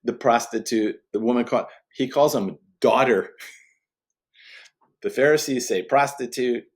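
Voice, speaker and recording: A man, a guest speaker, giving a conversational faith teaching in an earnest, emphatic way, often restarting his sentences. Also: medium pitch. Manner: earnest and emphatic, with frequent restarts and quick laughs.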